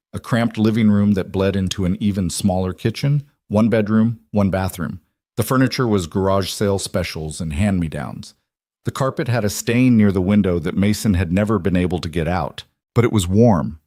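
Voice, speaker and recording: Low calm guy reading a story, dry close sound. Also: no room sound. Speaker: narrator. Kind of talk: scripted story narration.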